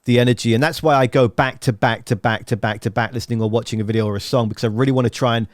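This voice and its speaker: A man's voice: mid-range voice, steady tone, racing, dry recording, clean studio sound. English man hosting a rambling interview. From England. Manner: rambling, playful questions with jokey asides. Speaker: podcast host. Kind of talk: conversational interview.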